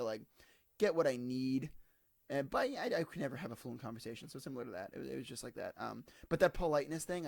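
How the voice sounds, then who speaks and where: Brief: man, 20s, vlogger, tired and hungover, rambling and self-mocking, gravelly voice, dry close sound. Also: medium pitch, no room sound. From United States. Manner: digressive, self-deprecating, full of fillers. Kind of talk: casual rambling monologue to camera.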